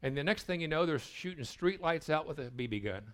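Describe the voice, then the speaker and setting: An older man giving a sermon at a retreat, telling stories and stumbling over repeated words as he begins a thought, sometimes dropping to a hushed voice. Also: fairly high pitch, animated, a little fast. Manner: storytelling, dropping to a hushed voice for tender moments. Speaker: retreat speaker.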